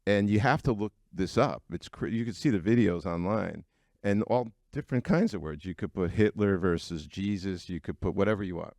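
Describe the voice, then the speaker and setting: A middle-aged man with a very low voice and a gravelly, creaky edge. He tells personal stories to a live audience at an event in a frank, conversational way, and the sound is close and dry. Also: expressive, a little fast, darkish tone, no echo. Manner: conversational and frank, with frequent fillers. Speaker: keynote speaker at an entrepreneurs' breakfast. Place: event venue before an audience.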